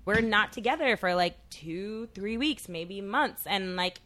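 A woman's voice: medium pitch, unhurried, pushed and bright. Young adult woman, emotional storyteller, casual co-host. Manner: chatty, emotional, many "like" fillers. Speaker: podcast co-host. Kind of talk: casual chat.

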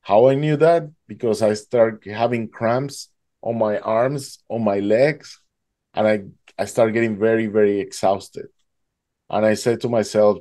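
A man telling a dramatic survival story in an animated way, his voice jumping high when he acts out panic. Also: a little slow. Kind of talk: emotional storytelling.

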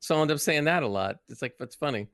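A man's voice: on the high side, expressive, fast talker, fairly bright tone, dry recording, clean studio sound. An American man co-hosting a casual chat, talking in an easygoing, laid-back way. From United States. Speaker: podcast co-host.

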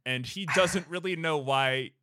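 A man hosting a podcast, casually retelling a film plot in a rambling way, with lots of fillers and quick asides. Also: on the high side, sharp tone, clear, resonant tone, no echo, studio quality. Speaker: podcast host. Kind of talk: casual movie recap chat.

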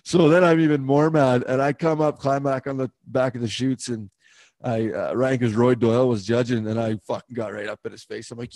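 Profane, animated male podcast co-host. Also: medium pitch, brisk, no echo. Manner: profane, laughing, animated retelling. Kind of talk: casual storytelling chat.

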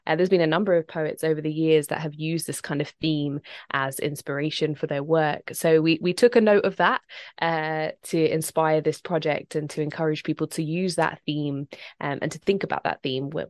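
A woman's voice: low-pitched, steady tone, normal speed, a little mellow, no echo. A woman poet being interviewed on radio, speaking articulately with some fillers. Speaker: poet, guest.

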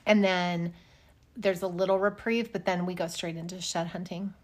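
A woman's voice: fairly low pitch, level tone, moderate pace. A middle-aged woman from Wyoming co-hosting a casual chat, telling stories with sarcasm and swearing freely. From Wyoming, United States. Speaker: podcast co-host.

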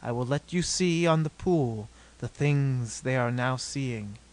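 A man reading aloud, voicing a grave, despairing woman who rules an undersea city and speaks slowly in old-fashioned words. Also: medium pitch, a little mellow, voice pushed down, natural voice. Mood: calm. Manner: slow, solemn, old-fashioned speech.

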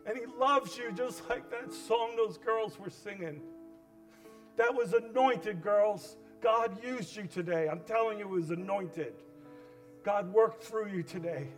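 A male pastor making an impassioned altar call during a sermon, moving from hushed pleading to loud cries. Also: sits high, measured pace, faint music behind.

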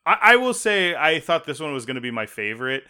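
A man chatting on a podcast in a bright, clear tone. He jokes and rambles, often restarting his sentences. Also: on the high side, big pitch swings, fairly quick. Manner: jokey, rambling, self-interrupting. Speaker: podcast co-host. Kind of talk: casual chat.

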